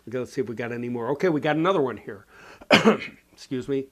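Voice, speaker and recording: A man's voice: mid-range voice, animated, fast talker, fairly bright tone. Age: adult. Sex: man. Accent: Chicago. Role: painting instructor. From Chicago area, USA. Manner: rambling, folksy, full of "you know". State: has a cold. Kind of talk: casual chat answering viewer comments.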